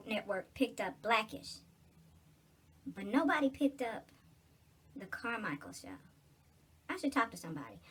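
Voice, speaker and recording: A woman talks straight to her viewers in a loose, rambling vlog, joking as she goes. Her voice is bright and a little husky, pitched slightly high. She speaks with plenty of casual slang. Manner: chatty, loose and joking, with slangy informal speech. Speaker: vlogger.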